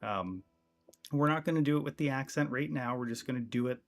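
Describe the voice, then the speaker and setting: A man's voice: medium pitch, fairly quick. A man teaching guitar on a live stream, casual and rambling, with many ums.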